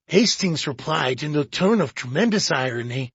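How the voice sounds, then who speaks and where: An audiobook narrator giving a measured, expressive reading of a detective play. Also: medium pitch, breathy edge, no room sound. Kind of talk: scripted narration. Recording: dull lo-fi audiobook.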